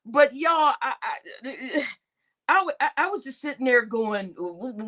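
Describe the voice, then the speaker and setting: A woman hosting a livestream, chatting casually and gossiping with viewers, often laughing and breaking into loud exclamations. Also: high voice, animated, a little slow, background noise. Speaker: livestream host.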